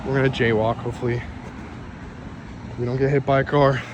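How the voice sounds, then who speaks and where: A man's voice: medium pitch, little pitch movement, fairly quick, dull audio, background noise. A man rambling through a casual vlog while walking outdoors on a city street, often losing his train of thought. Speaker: vlogger.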